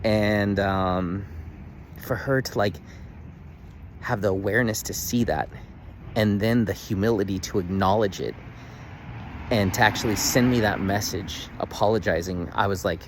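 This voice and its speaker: A man in his thirties talking casually to the camera in a daily video diary, earnest and animated, full of "like" fillers. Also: fairly low pitch, measured pace, long pauses, a little hiss or hum. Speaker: vlogger.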